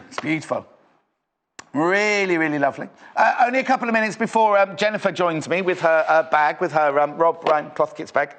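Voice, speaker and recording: A man's voice: a little high, normal speed, a bit bright. A man presenting live on a shopping channel in a studio, with chatty, rambling sales patter.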